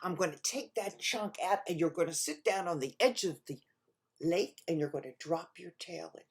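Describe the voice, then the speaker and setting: A woman's voice: lowish voice, breathy edge, voice pushed down. A woman voicing a sly male fox trickster in a children's story, chuckling and wheedling as he talks. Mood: scheming. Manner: chuckling, wheedling and fast-talking.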